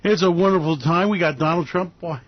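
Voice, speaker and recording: Man, radio show host, brash sarcastic monologue, fairly high voice, dry dull lo-fi sound. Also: a little fast, no echo. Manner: loud, sarcastic, mocking put-on voices. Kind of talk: brash market commentary monologue. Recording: dry, slightly dull lo-fi recording.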